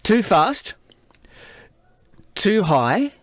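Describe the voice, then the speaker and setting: A man's voice: sits high, sing-song, extremely slow. A middle-aged Australian voiceover artist talking casually in a video, thinking aloud as he reviews something.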